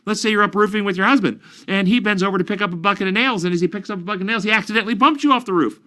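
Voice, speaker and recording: A man's voice: sits high, very fast, sharp tone. A man counseling and explaining ideas earnestly in an interview, using examples and questions. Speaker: counselor guest.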